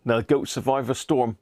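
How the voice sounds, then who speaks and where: A man's voice: mid-range voice, breathy edge, no echo. A middle-aged British man hosting a live stream, chatting casually and greeting viewers by name between frequent chuckles. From Britain. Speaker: live-stream host, radio restorer.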